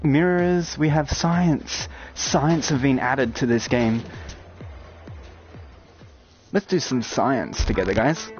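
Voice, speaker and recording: A young man giving excited, swearing let's-play commentary on a shooting game. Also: medium pitch, a little slow. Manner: loud excited outbursts, swearing, jokey. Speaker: gaming YouTuber. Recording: slightly dull lo-fi audio with loud game music.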